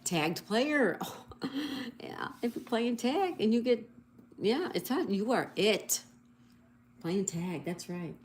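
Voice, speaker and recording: Speaking slowly in a medium-pitched, expressive, slightly mellow voice, this livestream host works through a crossword while reading viewers' comments aloud and greeting them cheerfully. Faint background noise and room echo are audible.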